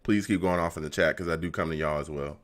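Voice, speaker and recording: A man's voice: extremely low pitch, steady tone, fast talker. A man hosting a casual call-in fan show, talking loosely, laughing often and sounding fed up with his team. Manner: laughs often, exasperated, repeats phrases. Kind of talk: casual livestream chat.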